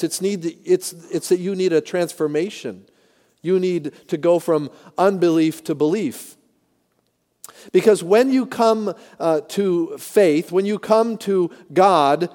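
A man's voice: sits high, warm tone, long reverb tail. A man preaching a sermon as pastor, emphatic and speaking directly to his congregation.

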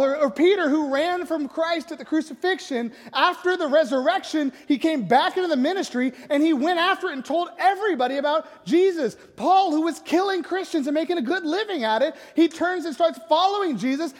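Man, youth pastor, casual storytelling sermon, high voice, long hall reverb. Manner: conversational, keeps asking "right?".

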